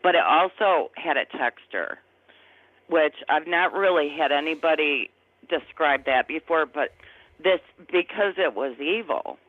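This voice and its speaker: Her voice deep and animated, a woman in her fifties shares her testimony unhurriedly as a conversational guest. She is earnest and emotional and often struggles to find words, heard over a tinny, phone-like line that's dry with no echo.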